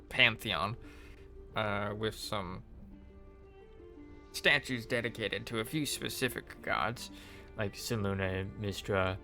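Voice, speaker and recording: Slow, rambling British man recapping a game. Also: mid-range voice, a bit bright. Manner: rambling, many fillers and restarts.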